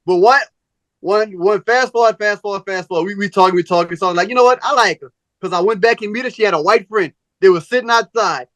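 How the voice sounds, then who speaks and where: Podcast host, male, animated storyteller who plays out every voice in his anecdotes; bright, edgy timbre, dry booth sound. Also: high voice, quick pace, no echo. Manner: animated, profane storyteller, acts out both sides of conversations. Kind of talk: casual storytelling chat.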